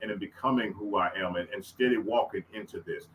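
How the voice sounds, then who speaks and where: A man, co-hosting a casual faith-minded podcast chat. He is excitable, laughs often and bursts up high. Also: brisk, slight background noise, rough recording. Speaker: podcast co-host.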